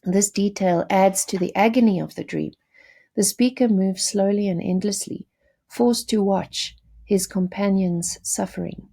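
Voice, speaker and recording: Gravelly-voiced woman teaching poetry. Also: mid-range voice, warm tone. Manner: measured, explanatory, with self-corrections and fillers. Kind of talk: recorded literature lecture.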